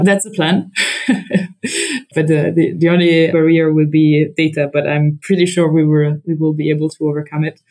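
Italian economist woman, guest; mellow voice, halting, restarts often. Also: sits low, poor audio. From Italy. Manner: thoughtful, halting, frequent restarts, light laughs. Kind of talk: podcast interview.

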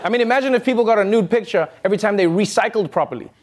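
A man's voice: high voice, very fast, background noise. A man hosting a late-night comedy show, delivering a sarcastic monologue with jokes and asides. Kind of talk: comic monologue.

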